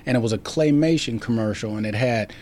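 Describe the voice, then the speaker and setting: A man tells stories about his acting career in a casual interview, rambling with frequent restarts and fillers. His mid-range voice is a little mellow and fairly quick, and there's a bit of hiss or hum.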